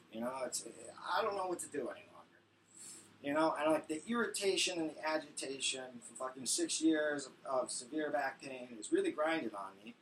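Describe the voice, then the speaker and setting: A man's voice: a little high, animated, fairly quick, a bit bright, far from the mic, slight background noise, rough recording. A man doing stand-up, telling a profane, ranting story and acting out phone calls. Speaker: stand-up comedian.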